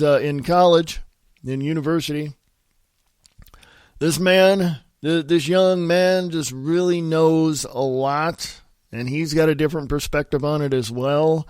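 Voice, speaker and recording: A man's voice: fairly high pitch, darkish tone, dry recording, clean studio sound. Sniffly congested male podcast host. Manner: rambling, loose, mumbles asides. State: congested with sinus infection, sniffly. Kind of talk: casual solo podcast with read-aloud articles.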